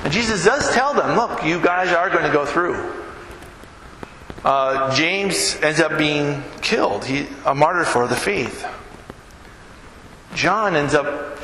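A high-voiced man preaches in a bright, forceful tone that carries through a big echoing hall. He keeps it conversational and keeps checking in with the listeners, with faint room noise around him. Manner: conversational, asks the listeners questions. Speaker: pastor. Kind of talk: sermon.

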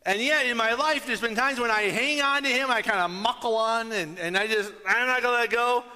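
A man's voice: extremely high pitch, brisk, bright, forceful tone, big-room sound. A man preaching a sermon in a chatty, conversational way, often checking in with his listeners. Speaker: pastor.

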